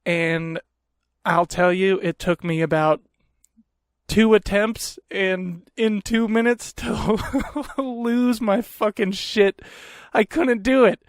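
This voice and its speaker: A young man with a fairly high voice tells stories on his podcast, swearing freely and poking fun at himself. He sits right up on the mic in a small room at home, and the sound is dry and close, with no room echo. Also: takes it slowly. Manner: profane, animated storytelling; self-mocking. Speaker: podcast host. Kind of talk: casual podcast chat.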